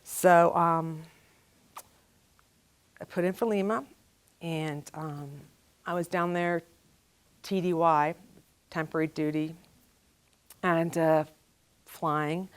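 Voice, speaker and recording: A woman's voice: sits low, fairly even intonation, takes it slowly, long pauses, smooth. An older woman, a retired pilot, recounting her career in an oral history interview, chatty and full of ums, acting out the people she quotes. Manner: chatty storyteller, acts out quoted dialogue, many ums.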